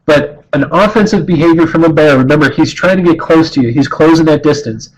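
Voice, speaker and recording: A middle-aged man with a slightly raised pitch teaches in an earnest, conversational way. He often trips over his words and restarts a phrase before pressing on. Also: fairly quick, muffled recording. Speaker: wildlife educator. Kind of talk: informal talk on bear behavior.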